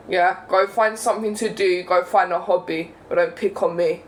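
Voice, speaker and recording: A young man from England vents to his viewers with a rather high voice, full of indignation and tagging his points with "right?" and "yeah?". A faint hiss sits underneath the recording. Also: steady tone, moderate pace, hardly any pauses, fairly bright tone, low-quality recording. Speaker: vlogger. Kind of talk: casual monologue rant.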